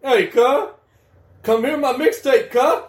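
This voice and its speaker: A man's voice: extremely high pitch, slow pace, voice pushed up. A man voicing a boastful young male rapper who drops slang while pushing his mixtape. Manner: drawling "cuh" slang, laughing. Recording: echoey room.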